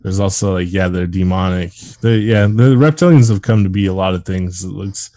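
Man, fairly low, dry close sound, for a sarcastic profane podcast co-host. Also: moderate pace, mellow, no room sound. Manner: sarcastic, profane, laughs often. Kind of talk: casual chat.

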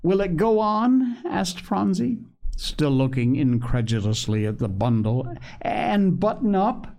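A man voicing a small, cheerful little girl with a high, piping, childlike voice as he reads a storybook aloud. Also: sing-song, measured pace, creaky, warm tone, heavily acted. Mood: wondering.

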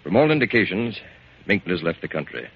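A brisk, deep-voiced police captain. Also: male voice, sing-song, husky, full character voice. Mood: businesslike. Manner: brisk, businesslike questioning. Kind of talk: 1940s radio acting. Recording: dull old radio recording, faint hiss.

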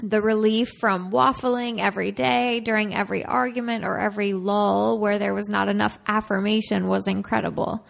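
A woman's voice: medium pitch, fairly even intonation, normal speed, creaky, few pauses. A woman co-hosting a podcast, reading a listener's letter aloud and teasing her co-host. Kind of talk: casual chat, reading a listener email aloud.

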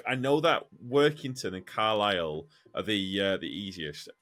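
A man's voice: fairly low pitch, normal speed. A man, a truck driver co-hosting a podcast and telling stories in casual chat, swearing freely. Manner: swears freely, animated storytelling.

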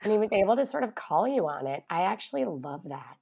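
A middle-aged woman clinician, a podcast guest, explaining parenting ideas in a calm, reassuring way. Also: mid-range voice, quick pace, creaky, husky. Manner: warm, reassuring, explains calmly. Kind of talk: casual podcast conversation.

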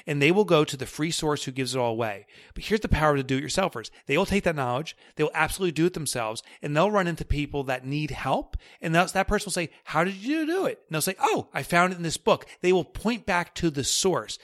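A man being interviewed as a guest author, talking in an energetic, emphatic and jokey way. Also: on the high side, no room sound, clean studio sound. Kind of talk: podcast interview.

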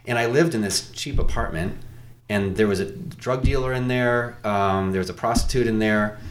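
A man's voice: lowish voice, moderate pace, a little hiss or hum. A man from Iowa, a podcast guest, telling stories and debating earnestly with frequent restarts. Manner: earnest storytelling, rambling restarts. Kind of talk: conversational debate.

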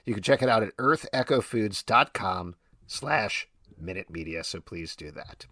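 Male co-host, casual chat, very expressive, dry sound. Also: lowish voice, normal speed, no echo. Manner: animated, laughing, reads listener questions. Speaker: podcast co-host.

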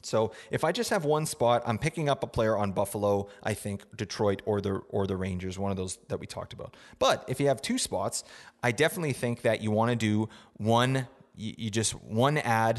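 At a moderate pace and fairly low pitch, a young man rambles through his casual fantasy hockey podcast, full of fillers and frequent "right?" questions. The recording has a big-room sound.

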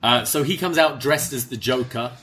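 A man with a British accent softened by years in Canada, co-hosting a casual podcast and lively acting out quotes as he recaps a show. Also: mid-range voice, normal speed, breathy edge. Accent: British with Canadian mix. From Britain. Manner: lively storyteller, acts out quotes. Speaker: podcast co-host.

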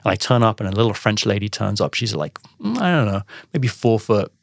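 Man, fast talker, lowish voice, animated storyteller, dry close sound. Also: vocal fry, dry recording. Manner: animated storyteller acting out dialogue. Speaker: podcast guest, entrepreneur. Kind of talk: casual storytelling interview.

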